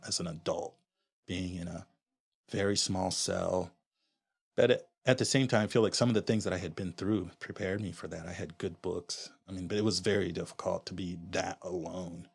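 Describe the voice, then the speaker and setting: A low-voiced man from Honduras shares a personal story as a podcast guest. His tone is husky and slightly breathy, and he speaks candidly and reflectively, often restarting a thought mid-sentence.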